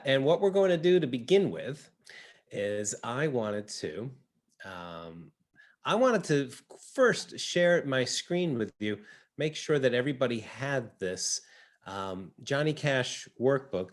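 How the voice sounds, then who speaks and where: Man, ukulele teacher, online lesson, video call, encouraging, middle pitch. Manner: encouraging, coaching, chants rhythms along.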